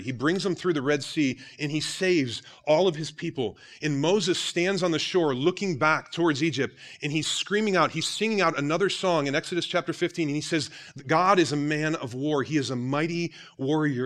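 A man's voice: a little high, a bit bright. A man in his thirties preaching a sermon in a conversational way, often turning to his listeners with questions. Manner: conversational preaching, addresses congregation as guys. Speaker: pastor.

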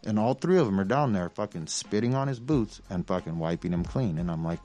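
A man's voice: lowish voice, a little fast. A man telling wild stories in casual podcast chat, cursing freely and acting out the other people. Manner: profane, animated anecdote telling. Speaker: guest storyteller.

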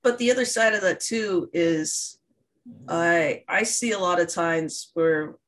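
A woman's voice: fairly low pitch, takes it slowly. A woman co-hosting a podcast in casual chat, easygoing as she tells stories. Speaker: podcast co-host.

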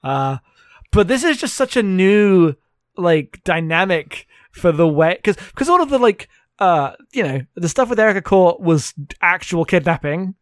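A man's voice: high-pitched, very animated, unhurried, no echo. A man co-hosting a podcast, recapping a book in a sardonic, laughing, rambling way on a close mic. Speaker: podcast co-host. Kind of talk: comedic book recap chat.

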